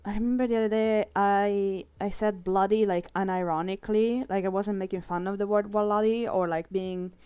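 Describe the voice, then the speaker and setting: A young woman chats casually while she draws, rambling through stories with easy swearing and frequent laughs. Her voice is smooth and clear at a middle pitch. The sound is close and dry. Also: fairly even intonation, normal speed, few pauses, warm tone, no echo, lo-fi sound. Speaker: artist streaming a drawing session. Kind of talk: casual chat while drawing.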